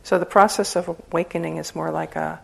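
A woman's voice: sits low, steady tone, fast, gravelly, slightly rough, rough recording. A woman giving an informal dharma talk as a Buddhist meditation teacher, conversational and humorous, often breaking into laughter.

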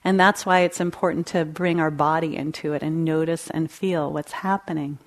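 A woman teacher gives a meditation talk in a meditation hall. Her manner is gentle and conversational, with easy, light laughter as she speaks. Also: sits low, steady tone, moderate pace. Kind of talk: dharma talk.

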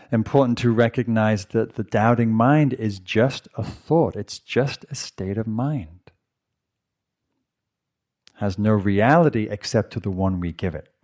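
A man, a meditation teacher, giving a gentle, conversational dharma talk to a retreat audience and asking them questions. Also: low-pitched. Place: meditation hall.

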